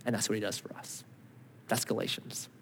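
A man in his thirties preaching a sermon as pastor, animated, acting out voices and swinging between loud and soft. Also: lowish voice, a little fast, creaky, slightly rough. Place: large church hall. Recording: long hall reverb.

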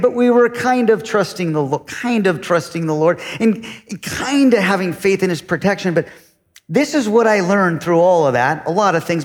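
A pastor with a high voice preaches a sermon, putting rhetorical questions to the congregation. He swings between loud emphasis and quiet asides, and a long reverb tail follows his words.

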